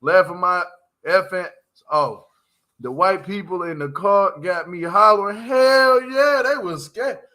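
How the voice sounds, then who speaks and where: A man's voice: high voice, unhurried, pushed and bright. A man hosting a loose, slangy livestream recap of a reality show, laughing often as he talks. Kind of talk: casual livestream commentary.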